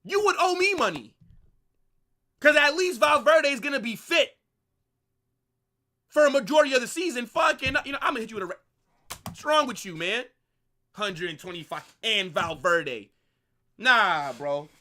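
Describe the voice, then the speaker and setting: Young male streamer, livestream football reaction, excitable and exasperated, bright tone, very animated delivery. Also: very high-pitched, normal speed, long pauses. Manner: excitable, exasperated ranting with swearing and repeated phrases. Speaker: football watch-along streamer. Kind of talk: live match reaction.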